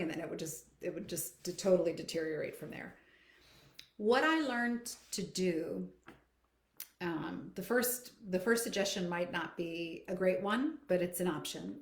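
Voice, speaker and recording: A woman singing coach answering viewers' questions in a live stream, speaking in a reflective way with many fillers and restarts. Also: fairly low pitch. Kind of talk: live Q&A, conversational teaching. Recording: echoey room.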